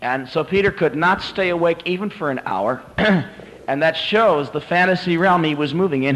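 A man's voice: fairly high pitch, a bit bright, a little hiss or hum, low-quality recording. A man preaching a sermon, telling a Bible story dramatically and rising to emphatic peaks.

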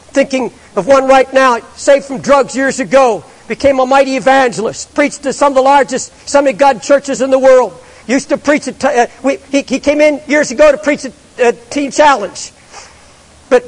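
A male pastor preaching in a large church, his voice pitched very high and ringing with long reverb. He pleads and presses, often repeating words as he drives his sermon home. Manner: fervent, pleading preaching with repetitions.

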